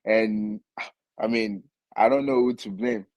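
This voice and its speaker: A man with a low voice talks hesitantly, reflecting aloud as a caller. His voice sounds dry and close. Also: fairly even intonation, unhurried, darkish tone, no echo, poor audio. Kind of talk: live call-in debate.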